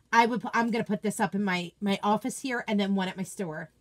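An enthusiastic woman hosts a casual unboxing chat from her home office. She gushes over each item and answers her viewers in a chatty, excited way. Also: mid-range voice, quick pace. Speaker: craft product seller and video host.

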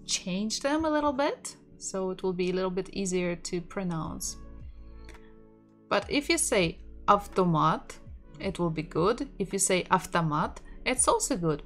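A woman from Russia, a native Russian speaker with a Russian accent, teaching a casual online language lesson, repeating words aloud and laughing lightly as she goes. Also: medium pitch.

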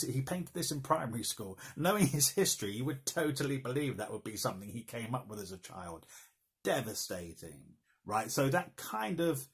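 A man's voice: mid-range voice, gravelly, husky. A man giving a casual, jokey online art history lecture, chatting and laughing at his own asides.

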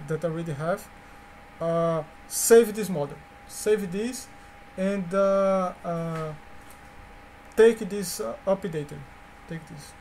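A man whose first language is Portuguese, teaching a coding lecture in a halting way, with fillers, restarts and repeated words. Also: high-pitched, darkish tone, a little hiss or hum. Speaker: course instructor.

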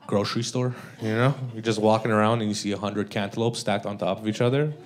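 A man's voice: lowish voice, steady tone, fast. A man doing a live stand-up comedy set, talking loosely and casually, with frequent tag questions like "all right?". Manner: loose, conversational, peppered with "all right?" and "you know?". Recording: live club with audience. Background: audience laughter.

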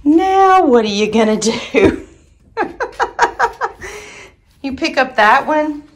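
A woman with a high, expressive voice speaks unhurriedly in a casual vlog, chatting with her viewers and her dogs around her home and backyard. She's a vlogger and dog owner who laughs often.

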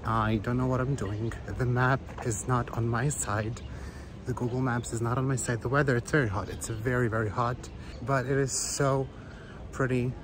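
A man's voice: steady tone, normal speed. Man vlogging outdoors, dramatic exclamations. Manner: dramatic, jokey self-talk with sudden high exclamations. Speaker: travel vlogger. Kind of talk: casual vlog narration. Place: outdoors, forest trail and riverside city. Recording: noisy outdoor camera recording. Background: outdoor ambience, flowing water.

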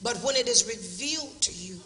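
A woman preacher delivering a revival sermon in a large church, shouting in an emphatic preaching cadence. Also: a little high, animated, fairly quick. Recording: roomy echo, distant mic, faint music.

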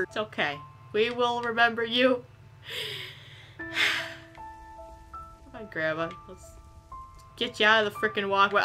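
A woman giving silly, animated let's-play commentary, chatting to the game characters as she plays. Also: fairly high pitch, takes it slowly, long pauses, soft background music. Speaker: gameplay commentator.

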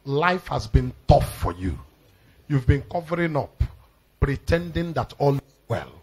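A man with a Nigerian accent preaching a live prophetic sermon as a pastor, commanding and emphatic, repeating phrases and breaking into shouted declarations. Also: mid-range voice, big pitch swings, a little slow, slight background noise, rough recording.

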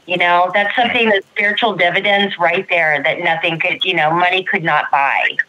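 A woman's voice: fairly low pitch, steady tone, moderate pace, pushed and bright, rough recording. A woman guest on a recovery podcast, talking in an effusive, rambling way with many fillers. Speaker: guest sharing recovery story. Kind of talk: casual podcast chat.

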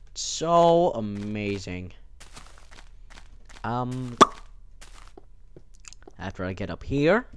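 A man's voice: on the low side, a little hiss or hum. A young man giving casual, rambling commentary while playing a game, talking to himself and the game, his voice cracking often. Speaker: gameplay video host. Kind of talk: casual let's-play commentary.

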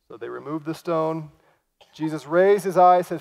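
Man, pastor, sermon, somewhat high voice, gravelly, acts out quotes, dramatic loud-to-hushed delivery. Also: normal speed. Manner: dramatic, swings from loud cries to hushed near-whispers.

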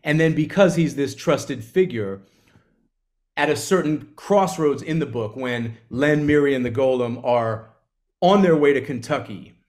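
A man, an author, telling an animated story in an onstage conversation and acting out the quotes. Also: mid-range voice, a little slow. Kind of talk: live conversation on stage.

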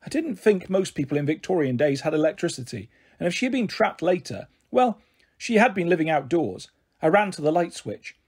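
Man, storyteller, children's book reading, expressive, slightly husky, fairly high. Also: brisk. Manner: expressive, animated reading with voiced characters.

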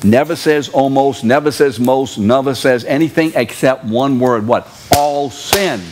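A man's voice: medium pitch, unhurried, noisy background. A man in his seventies preaching a sermon in a church, driving his point home by repeating key words and throwing questions at the congregation. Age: 70s.

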